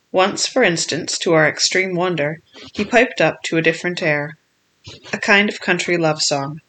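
A steady, measured audiobook narrator reading a classic adventure novel. The delivery is even and unhurried, in plain storytelling. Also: mid-range voice.

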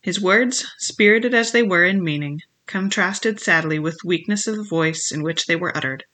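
A narrator reading a novel chapter aloud in a steady, measured storytelling manner. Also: mid-range voice. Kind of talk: scripted audiobook narration.

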